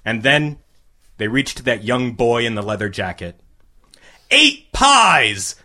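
A man reading a crude comic short story aloud to a live audience, with a deadpan delivery. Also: medium pitch, moderate pace.

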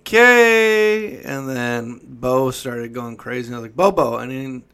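A man's voice: mid-range voice, monotone, normal speed, creaky. A man in casual chat, loose and laid-back, with profane banter. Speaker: father, co-host.

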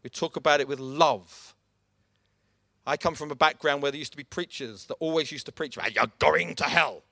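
A man's voice: fairly high pitch, a little fast, sharp tone, dry recording, studio quality. A man preaching a sermon, emphatic and direct, calling his listeners folks.

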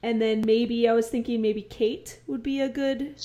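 A woman co-hosting a podcast, chatting casually into a podcast microphone, bubbly and quick to laugh. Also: a little high, steady tone, warm tone, a little hiss or hum. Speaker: podcast co-host.

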